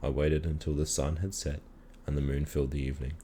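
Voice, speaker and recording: Very deep-voiced man reading a story. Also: slight background noise. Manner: calm, measured storytelling. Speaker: reader. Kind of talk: reading a children's story aloud.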